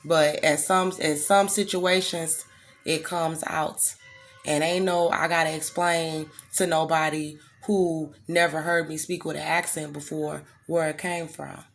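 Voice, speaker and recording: A woman from the United States vents in a blunt, profane, heated monologue to her audience. Her voice is low and gravelly with a rough edge of fry, and she pushes every point hard. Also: little pitch movement, measured pace, soft background music. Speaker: vlogger. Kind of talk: impassioned direct-to-camera rant.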